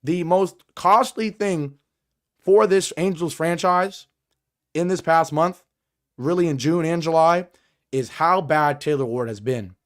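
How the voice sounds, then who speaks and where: Hoarse, raspy man ranting. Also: fairly high pitch, unhurried. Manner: emphatic, exasperated ranting. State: hoarse from a cold. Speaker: podcast host. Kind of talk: sports podcast commentary.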